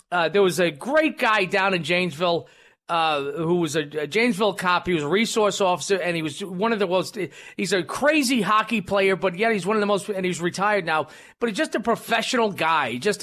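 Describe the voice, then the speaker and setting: High-ish voiced guy, ex cop cohost, really emphatic, keeps repeating himself to drive it home. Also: a bit bright. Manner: emphatic, repeats points for stress. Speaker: co-host, former law officer. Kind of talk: casual podcast chat.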